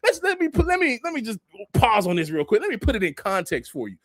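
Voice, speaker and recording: High-voiced man preaching casually. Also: quick pace, dry recording, clean studio sound. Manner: casual, animated preaching with Southern Black vernacular and laughs. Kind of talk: sermon with scripture reading.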